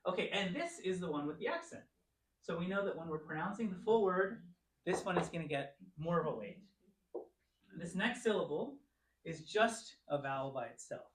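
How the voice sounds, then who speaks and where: Man, teacher, patient, coaxing, animated pitch, roomy echo. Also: normal speed. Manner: patient, coaxing, calls on students. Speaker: Bible class teacher. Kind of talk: classroom teaching. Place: church classroom. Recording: echoey room.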